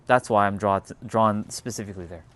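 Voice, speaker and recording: A man's voice: on the low side, brisk, a bit bright, dry recording. A man from Canada, chatting casually on a livestream, rambling and restarting his words as he answers chat. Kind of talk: casual live-stream chat.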